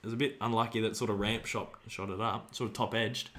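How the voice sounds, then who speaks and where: A young Australian man hosting a livestream, giving excitable watch-along commentary on a football match and chatting with viewers. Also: on the low side, fast talker, few pauses, very noisy. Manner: excitable, shouts at play, banters with chat. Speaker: livestream host.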